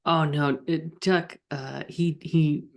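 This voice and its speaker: A man's voice: a little high, steady tone, slow, creaky. A man co-hosting a casual comedy podcast, playful and jokey with theatrical flair. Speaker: co-host.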